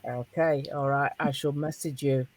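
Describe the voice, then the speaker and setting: A middle-aged woman with a Northern English accent hosting a podcast roundtable over a video call, chatting in a casual, animated way. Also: a bass voice, moderate pace. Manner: animated, laughing, encouraging. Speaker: podcast host.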